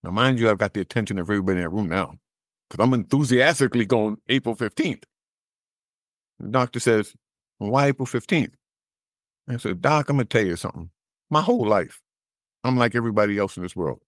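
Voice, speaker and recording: A middle-aged man with a fairly low voice tells a long personal story as an interview guest. He is animated and acts out the lines people said to him, chuckling at his own jokes, and the sound is dry and close. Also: brisk, long pauses, no echo.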